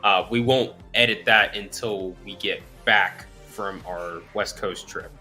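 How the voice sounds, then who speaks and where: A man's voice: lowish voice, a little slow, pushed and bright, soft background music. A tired man hosting a casual chat, rambling with many fillers. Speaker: channel host.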